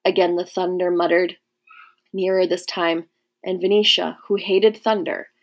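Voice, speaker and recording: A woman narrating a historical novel in a measured, even storytelling manner. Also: on the low side.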